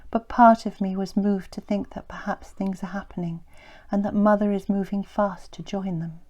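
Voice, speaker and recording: Soft-spoken woman narrating her memoir. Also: mid-range voice, steady tone, dull audio. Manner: soft, slow and reflective, often sinking to a breathy near-whisper. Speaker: author reading her memoir.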